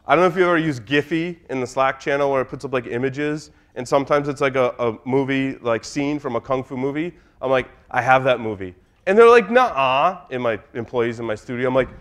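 A man's voice: mid-range voice, a bit bright. A middle-aged man giving a humorous conference talk in a room, telling anecdotes in a loose, chatty way. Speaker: conference speaker.

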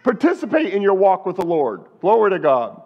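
A male pastor with a high-pitched voice delivers an emphatic sermon in a church sanctuary. He keeps calling out to the congregation for a response. The recording sounds dull and lo-fi. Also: huge pitch swings, fairly quick. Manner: emphatic, repeated calls of "Amen?" to the congregation.

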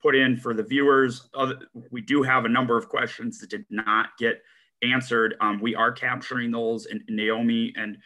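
A man's voice: medium pitch, level tone, moderate pace, sharp tone. A man moderating a convention session, speaking hesitantly with many fillers. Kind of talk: panel moderation.

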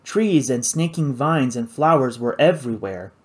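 Expressive man reading an audiobook. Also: medium pitch, normal speed. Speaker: audiobook narrator. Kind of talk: first-person audiobook narration.

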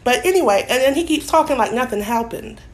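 A woman's voice: sits high, animated, fast talker. A mother telling a creepy story about her young son in a casual, conversational, slightly wry way.

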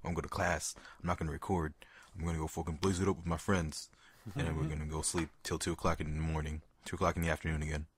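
A man's voice: extremely low pitch, little pitch movement, racing, slightly rough, no echo. A man impersonating a lazy young stoner gamer who rambles and swears constantly. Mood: grumbling.

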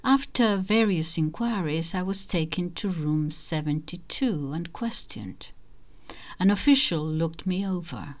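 Slow, low-voiced woman reading a story. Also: lively intonation. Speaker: reader. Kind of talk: reading a short story aloud.

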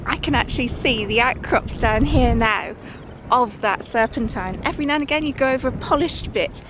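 A woman's voice: a little high, fairly quick, dull audio. A Cornish woman presenting a coastal walk, chatty and enthusiastic, recorded outdoors on a windy clifftop path. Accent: Cornish English. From Cornwall. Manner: chatty, enthusiastic, laughs easily. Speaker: walking vlog presenter. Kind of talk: casual outdoor narration. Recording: outdoor wind and ambient noise. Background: wind and outdoor ambience.

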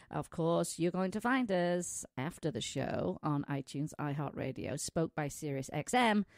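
Middle-aged woman host with a foreign accent, low-pitched, chatty and laughing, close dry studio sound. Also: a little mellow, no echo. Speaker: pet radio show host. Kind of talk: casual radio chat. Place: small studio.

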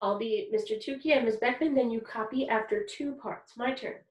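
A woman's voice: fairly high pitch, moderate pace, few pauses, lo-fi sound. A woman teaching a kindergarten music lesson online, talking to small children in a cheerful, encouraging way and keeping her words simple.

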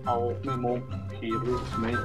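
A man's voice: medium pitch, completely flat delivery, unhurried, over loud music. A man chatting casually while gaming, rambling through a story and acting out the voices of the people in it. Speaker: gamer.

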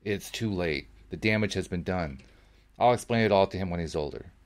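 A man's voice: sits low, a little fast. A man reading the part of a curt, regretful grown man in a story.

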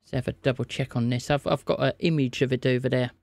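A man's voice: mid-range voice, fairly even intonation, quick pace, gravelly, darkish tone, dry recording. A man live-streaming a scambaiting call, teasing and playing mock-innocent. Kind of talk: live scam-call banter.

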